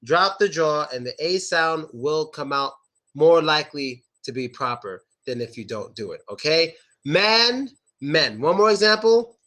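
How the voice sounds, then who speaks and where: Lively bright-voiced man teaching. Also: a little high. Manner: slow, exaggerated demonstration of sounds, repeating words. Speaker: English pronunciation teacher. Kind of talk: online pronunciation lesson.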